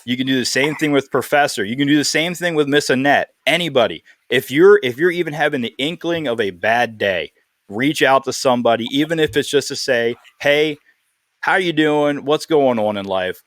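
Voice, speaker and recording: A man's voice: medium pitch, normal speed, fairly bright tone, dry recording, studio quality. A man hosting a podcast, talking in a casual, earnest way and telling a heartfelt story. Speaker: podcast host.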